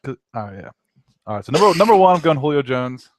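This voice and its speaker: A man's voice: on the high side, sing-song, fast talker, a little hiss or hum. Stammering young male co-host. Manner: stammering, repeats words. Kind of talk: casual sports talk.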